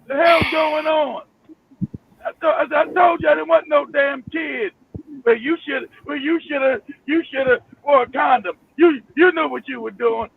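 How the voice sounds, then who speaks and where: A man telling his story in a heated talk-show discussion, animated, emphatic and swearing freely. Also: very high-pitched, normal speed, creaky. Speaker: panel guest. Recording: tinny phone line.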